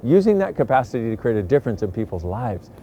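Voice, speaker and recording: A man giving a casual motivational talk to camera, animated and lively, acting out the voices he quotes. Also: medium pitch, fast, slight background noise. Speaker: self-help speaker.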